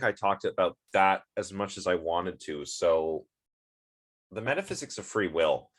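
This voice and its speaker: A man with a somewhat low voice talks through a philosophy lecture. His delivery is loose and conversational, full of ums, uhs and false starts as he thinks aloud. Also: animated, a little slow, a bit bright. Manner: casual, rambling, many fillers and restarts. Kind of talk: recorded online lecture.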